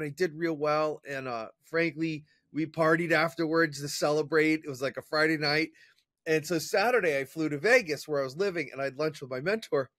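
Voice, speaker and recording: A man as an interview guest, telling a personal story in an energetic, chatty way with fillers and restarts. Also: fairly high pitch, no room sound, clean studio sound. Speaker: interview guest, professional speaker. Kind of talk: casual storytelling in conversation.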